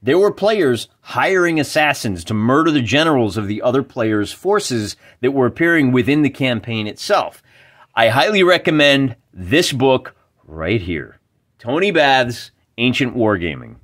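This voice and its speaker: A man's voice: mid-range voice, very animated, a little slow, fairly bright tone. A man hosting a wargaming video, talking casually and enthusiastically while reading rules aloud. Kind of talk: casual explanatory talk.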